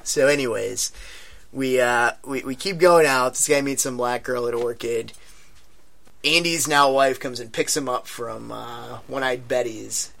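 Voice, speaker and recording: A man's voice: mid-range voice, unhurried, gravelly. A young man telling a wild night-out story to friends, laughing often and acting out what people said. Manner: animated storyteller, swears, laughs often, acts out quotes. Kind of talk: casual storytelling among friends.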